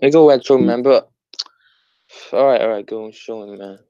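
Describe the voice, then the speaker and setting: A man calls into a debate and answers hesitantly, defending himself with halting restarts. His voice is of middle pitch. The call audio sounds a little muffled and dry. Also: mellow, clear, resonant tone, no echo. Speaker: caller in a debate. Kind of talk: casual debate.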